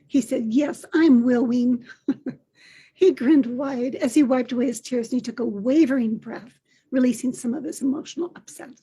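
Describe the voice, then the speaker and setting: An older woman hosting a podcast, telling a personal story in a gentle, reflective way. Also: high voice, slightly rough. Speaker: podcast host.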